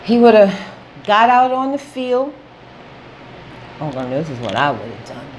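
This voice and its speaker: A woman's voice: medium pitch, very animated, measured pace, slight background noise, rough recording. A woman talking straight to camera in a casual opinion vlog, emphatic and repetitive, checking in with "okay?". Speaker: vlogger.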